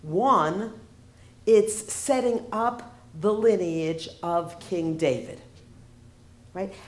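A woman's voice: mid-range voice, drawn-out words. A woman giving a humorous lecture, wry in tone and often asking the audience rhetorical questions. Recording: roomy echo.

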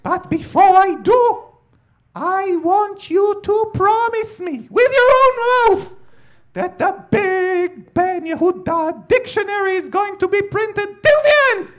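A man playing a fierce, bedridden old woman who shouts commands from her deathbed. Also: extremely high pitch, lively intonation, takes it slowly, voice pushed up, full character voice. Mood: commanding.

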